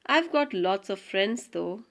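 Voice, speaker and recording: A woman's voice: mid-range voice, expressive, slow. A woman voicing a sly, cocky male prisoner in an audiobook reading, teasing in manner. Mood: cheeky. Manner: cheeky, teasing.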